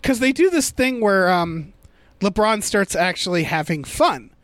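A man's voice: high-pitched, big pitch swings, unhurried, a bit bright, no room sound. A man in a casual movie review chat, rambling and thinking aloud as he picks apart a plot.

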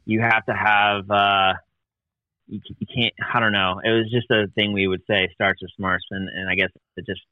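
A man's voice: on the low side, flat delivery, moderate pace, no echo. Rambling man, muffled dry sound. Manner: rambling, restarts often, laughs easily. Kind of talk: casual chat.

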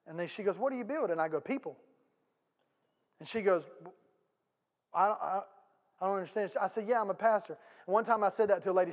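A storytelling sermon rings through a large church sanctuary, where the long reverb carries a pastor's strikingly high voice. He speaks straight to the congregation in a lively, homespun way.

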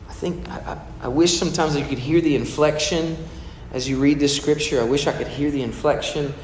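A man's voice: on the high side, steady tone, fairly quick. Pastor guy giving a sermon, chatty and questioning, faint hum in a big reverby room. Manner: conversational preaching, asks the congregation questions. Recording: echoey hall with long reverb, faint room noise.

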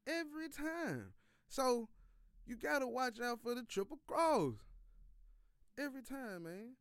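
A man's voice: extremely high pitch, expressive, a little slow, smooth, dry recording, studio quality. A man hosting a sports podcast, delivering a loose, profane, slangy rant with lots of repeated phrases. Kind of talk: casual sports commentary monologue.

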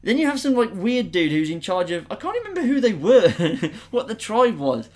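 A man's voice: high-pitched, normal speed. A man retelling a film plot in casual, sweary chat, laughing often. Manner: animated, laughing, sweary storytelling.

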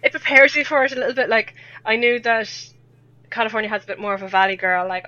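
A woman's voice: mid-range voice, fairly even intonation, quick pace, bright, forceful tone, dry recording, highs cut off. A woman with a West of Ireland accent from Sligo, chatting as a podcast guest in a chatty, rambling way. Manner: chatty, rambling, laughs often. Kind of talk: casual podcast chat.

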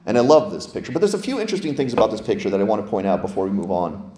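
A man, a lead pastor, preaching a lively, conversational sermon full of rhetorical questions. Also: on the low side, racing, reverberant. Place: church sanctuary.

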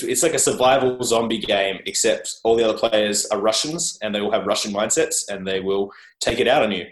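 A man with an Australian accent, a guest in a casual interview, joking about himself and rambling with restarts. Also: lowish voice. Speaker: guest, journalist. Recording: roomy echo.

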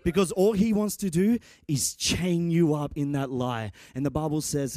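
A man's voice: fairly high pitch, normal speed, warm tone, no room sound, clean studio sound. A man preaching a sermon and telling a self-mocking personal story. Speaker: pastor.

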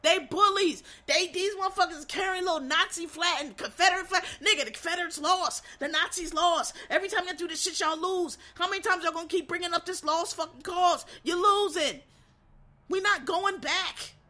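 A woman's voice: extremely high pitch, normal speed, bright, forceful tone. An American woman in a casual, heated rant, blunt and swearing constantly. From United States.

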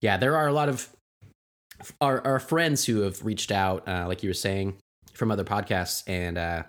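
A man's voice: lowish voice, moderate pace, fairly bright tone. A man co-hosting a podcast, rambling and joking in casual chat. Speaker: podcast co-host.

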